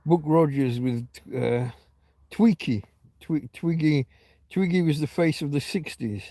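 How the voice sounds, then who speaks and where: Heard in a dry recording, a middle-aged man with a fairly high, dark-toned voice speaks unhurriedly while hosting a phone livestream from home. His casual talk rambles and reminisces, breaking off and restarting again and again.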